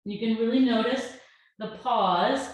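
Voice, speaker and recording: Calm woman guiding yoga in echo. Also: on the high side, measured pace. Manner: calm, gentle cueing of breath and poses. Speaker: yoga teacher. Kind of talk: guided yoga class. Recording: very echoey room.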